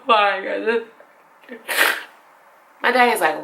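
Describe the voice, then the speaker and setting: A woman in her twenties from Atlanta telling a personal story to camera in a casual, animated way, often calling her viewers "y'all". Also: mid-range voice, unhurried, creaky, pauses often.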